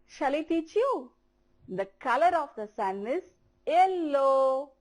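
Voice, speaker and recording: This is a woman teaching English to primary children on TV, her accent Indian English. She goes slowly and says words over so the children can imitate, her high-pitched voice carrying a sing-song lilt.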